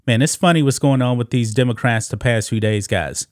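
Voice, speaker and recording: A man's voice: medium pitch, fairly quick, no echo, studio quality. A man hosting casual political commentary, mocking and talking straight to his viewers. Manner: mocking, addresses viewers as guys.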